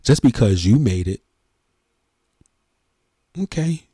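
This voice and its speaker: A middle-aged church organist talking earnestly and emotionally to the camera, in a heartfelt, preachy way. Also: male voice, lowish voice, expressive, measured pace, creaky, pauses often, dark tone, breathy edge, no echo, studio quality. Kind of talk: heartfelt casual talk to camera.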